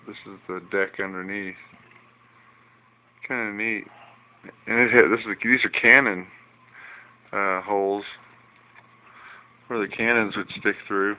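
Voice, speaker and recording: A man's voice: lowish voice, a little hiss or hum. A man rambling through a casual home video walkthrough of his hobby project, folksy and easily irritated. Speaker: hobbyist showing a fish tank project. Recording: tinny lo-fi home camera audio.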